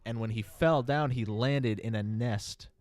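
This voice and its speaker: A young man co-hosting a casual podcast chat, laid-back and slangy, with halting starts. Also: mid-range voice, darkish tone, no echo. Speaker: podcast co-host.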